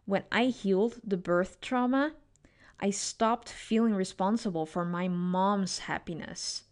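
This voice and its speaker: A woman psychologist hosting a solo podcast, talking expressively in a coaching tone and often adding "right?" to her points. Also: medium pitch.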